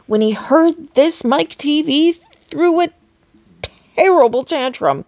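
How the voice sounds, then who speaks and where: A woman reading a children's novel aloud in an expressive, unhurried way. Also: high-pitched, no room sound. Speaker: storyteller.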